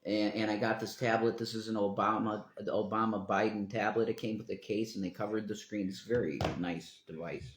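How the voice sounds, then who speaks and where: Low-voiced man rambling on a livestream. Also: fairly even intonation, brisk, few pauses, slight background noise. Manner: meandering, swears freely, trails off mid-sentence. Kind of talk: rambling live-stream monologue. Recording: roomy echo.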